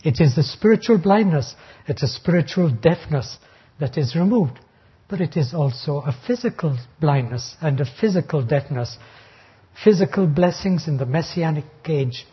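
Husky male preacher expounding scripture. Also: on the high side, lively intonation. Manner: deliberate, reads verses slowly then explains. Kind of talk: expository sermon on scripture. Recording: dull lo-fi recording.

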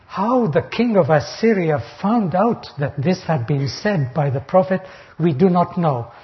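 Older male preacher, fairly high voice, emphatic verse-by-verse sermon, muffled lo-fi tape. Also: lively intonation, a little slow. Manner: emphatic, rising sharply on quoted taunts. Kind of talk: expository Bible sermon. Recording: dull lo-fi recording.

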